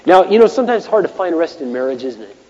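A man preaching a sermon as pastor, impassioned, dropping to hushed asides and rising to shouted bursts. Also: fairly high pitch, big pitch swings, very fast. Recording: muffled echoey hall.

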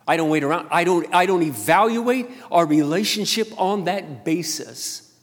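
An older man preaching a sermon as a pastor, swinging between loud emphatic bursts and quiet intimate asides. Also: on the high side, animated, moderate pace. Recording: long hall reverb.

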